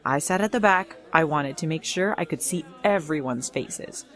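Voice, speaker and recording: Speaking evenly and without rush in a voice a touch low for a woman, she narrates a storytime story in the first person. Her delivery stays simple and sincere.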